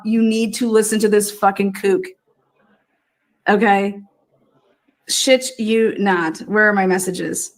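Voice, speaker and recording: A woman hosting a true crime stream talks slowly in a steady, mid-range voice. She rants loudly and crudely, swearing freely and cackling again and again.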